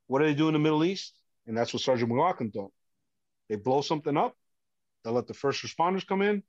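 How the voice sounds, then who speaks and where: A man's voice: fairly high pitch, quick pace, dry recording, highs cut off. Earnest man retelling a harrowing memory. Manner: earnest and animated, acting out dialogue with fillers. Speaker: podcast guest. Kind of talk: emotional personal storytelling.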